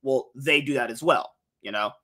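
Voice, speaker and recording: A man's voice: medium pitch, moderate pace, sharp tone. A man hosting a casual podcast, rambling and joking, often laughing as he talks. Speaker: podcast host.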